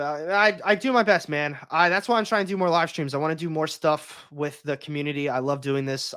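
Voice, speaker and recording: A young man chats on his livestream in a slightly higher voice, rambling and opinionated. He keeps restarting his sentences as he talks. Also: fairly bright tone, clear, resonant tone. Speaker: comics YouTuber hosting a livestream. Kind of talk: casual livestream chat.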